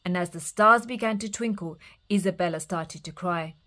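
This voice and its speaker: A woman storyteller reading children's fairytales aloud in a lively, expressive way. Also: fairly low pitch, normal speed.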